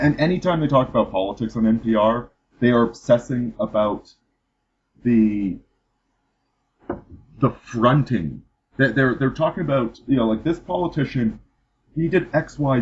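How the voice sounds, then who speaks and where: A man's voice: mid-range voice, lively intonation, normal speed. A man hosting a casual political chat, rambling and restarting his sentences with repeated words. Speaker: podcast host. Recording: dull lo-fi podcast audio.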